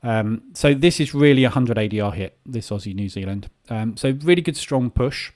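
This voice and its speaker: A chatty trading room host gives live market commentary, casual and rambling, packed with filler ums. His voice is medium in pitch and darkish, at a moderate pace.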